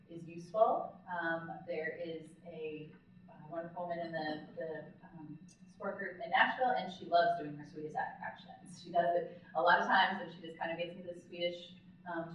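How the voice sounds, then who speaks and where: A woman's voice: fairly low pitch, slight background noise. A woman speech-language pathologist giving a conversational live workshop talk, often checking in with the audience with "okay?". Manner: demonstrates voice techniques as she explains them. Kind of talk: live conference lecture. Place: large conference hall. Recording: very echoey hall, distant, dull lo-fi sound.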